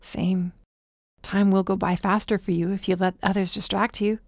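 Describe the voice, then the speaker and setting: A woman voicing a tired, protective young man who speaks in a steady, hushed, reassuring way. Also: mid-range voice, normal speed, dry recording, studio quality, natural voice.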